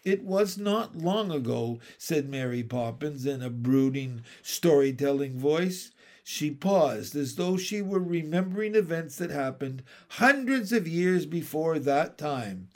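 A man narrating a children's storybook aloud, in a measured, gentle telling. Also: on the high side. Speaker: audiobook narrator. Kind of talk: storybook reading.

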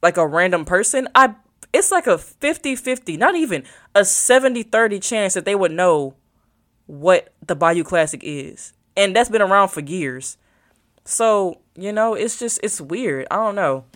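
A college-age woman chats casually to her viewers, thinking aloud and rambling while she searches her phone for a vlog. She has a mid-range, slightly bright voice with lively intonation and a measured pace.

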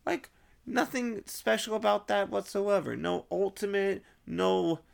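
A man rambling in a casual vlog monologue, swearing and cutting himself off, in an unusually high, strained voice. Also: a little slow, vocal fry, clear, resonant tone. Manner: rambling, swearing, self-interrupting. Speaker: vlogger.

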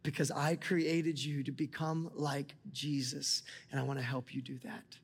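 A man in his forties preaching a sermon as a pastor, talking with passion and rising to near-shouts as he speaks to God aloud. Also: on the high side, level tone, unhurried, slightly rough. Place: church auditorium. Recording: large hall with long reverb, music beneath.

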